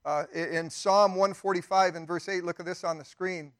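A man's voice: sits high, steady tone, moderate pace, fairly bright tone, dry recording, studio quality. A man pastor preaching a sermon in a conversational way, with emphatic rises and friendly asides.

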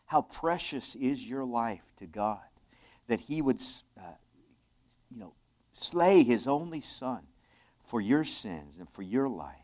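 A male pastor delivering an earnest sermon, rising into loud emphatic passages and dropping to soft, quiet asides. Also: fairly low pitch, expressive, slow.

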